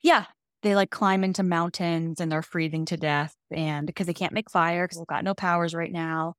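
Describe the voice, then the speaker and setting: Young female podcast co-host, lowish voice, dry close-mic sound, chatty recap delivery. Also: normal speed, dry recording. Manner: chatty, animated storytelling, lots of "like". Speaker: podcast co-host explaining fantasy books. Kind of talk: casual chat.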